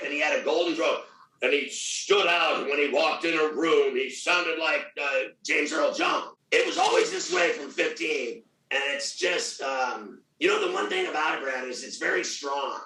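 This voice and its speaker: A middle-aged man with a gravelly voice, talking loudly, boastfully and with a lot of swearing in a casual interview. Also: fairly high pitch, lively intonation, moderate pace, distant mic. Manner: loud, profane, boastful. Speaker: radio host guest. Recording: echoey room, off mic.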